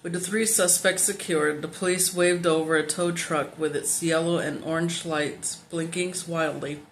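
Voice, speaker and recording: A woman reading a children's novel aloud in steady, plain narration, now and then stumbling on a word and correcting herself. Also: on the low side, normal speed, slight background noise. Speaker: audiobook reader.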